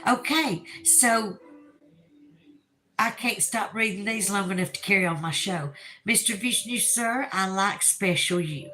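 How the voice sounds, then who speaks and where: Southern woman host, unhurried chatty livestream delivery, laughs easily, faint music underneath. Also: medium pitch, bright, forceful tone, poor audio. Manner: chatty, laughs often, reads viewer comments aloud. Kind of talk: casual livestream chat reading comments.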